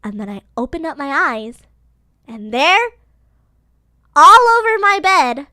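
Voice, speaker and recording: Woman streamer, very high and lively voice, giggly and playfully dramatic, faint music under her. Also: slow, dry recording, clean studio sound. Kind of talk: casual livestream storytelling.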